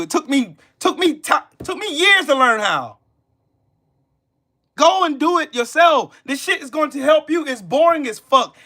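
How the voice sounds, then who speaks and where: Blunt, high-voiced Southern American man. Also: pushed and bright. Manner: blunt, profane, emphatic and repetitive, reading chat. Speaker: live stream host. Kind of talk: live stream politics rant.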